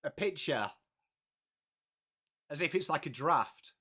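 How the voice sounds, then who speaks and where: A man's voice: a little high, expressive, slow pace, sharp tone, husky. An Englishman in his late thirties hosting a live stream, chatting casually and greeting viewers by name, calling everyone mate. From England. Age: late 30s. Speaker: livestream host.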